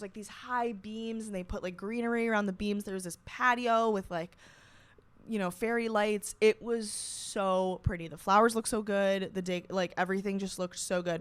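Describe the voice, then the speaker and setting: A woman's voice: mid-range voice, no room sound. A young woman hosting a podcast, telling a story in a casual, profane, self-mocking way. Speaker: podcast host.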